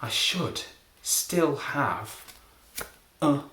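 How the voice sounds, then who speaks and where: A middle-aged man from England, a comedy magician, rambling through a deadpan, self-deprecating monologue. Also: low-pitched, normal speed, roomy sound, noisy background.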